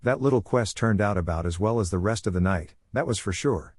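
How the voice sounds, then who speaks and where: A man's voice: on the low side, a little fast, a little mellow, husky, no echo, studio quality. A man reading fan fiction aloud, narrating and voicing the dialogue with little character acting. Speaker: fanfiction reader.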